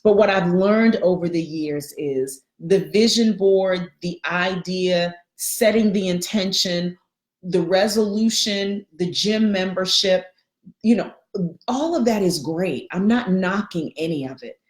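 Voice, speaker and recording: Leading a live coaching session, this middle-aged life coach speaks a little slowly, with a lilt and a fairly low voice that lifts brightly as she welcomes viewers. Noticeable echo fills the room.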